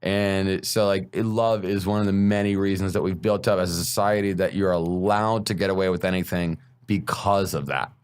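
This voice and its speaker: Low-voiced comedian guy on a podcast, blunt, swears a lot. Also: fairly even intonation, fairly quick, few pauses, clean tone. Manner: blunt, frank, swears freely. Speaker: stand-up comedian guest. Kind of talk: casual podcast conversation.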